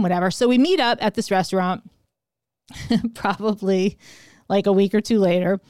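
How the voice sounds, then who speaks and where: A middle-aged woman co-hosting a podcast, telling a story in a casual, animated way, laughing and acting out the lines she quotes. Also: medium pitch, normal speed, long pauses, dry recording. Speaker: podcast co-host.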